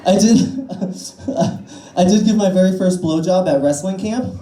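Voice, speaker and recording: A trans stand-up comedian in her twenties, performing on a small cafe-bar stage, speaks in a lowish, warm-toned voice at an unhurried pace. Her set is crude and self-deprecating, rambling with fillers, and the bar room echoes.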